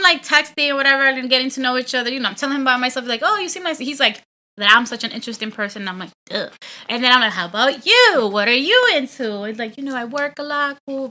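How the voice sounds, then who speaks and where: A young woman, telling dating stories in an animated, casual chat with lots of "like" and swearing. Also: on the high side. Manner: animated storytelling, frequent "like", swearing, laughing. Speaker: podcast guest.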